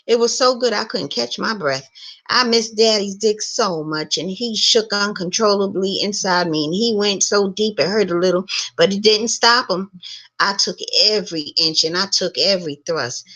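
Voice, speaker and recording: A woman reading an erotic story aloud in a frank, unhurried way, with blunt asides. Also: mid-range voice, pushed and bright. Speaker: reader of online stories.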